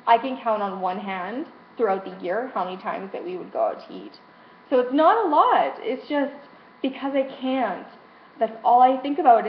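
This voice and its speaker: A young adult woman speaking frankly about her frustrations in a personal vlog, emotional and swearing freely. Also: on the high side. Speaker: vlogger. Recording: roomy, dull lo-fi sound with faint hiss.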